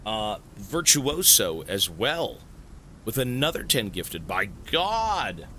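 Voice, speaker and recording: A Twitch streamer talks with his viewers in a live stream chat, his voice bright, forceful, and animated at a slow pace. Excitable, he swears freely and breaks into surprised shouts, with a faint rumble beneath the home desk recording.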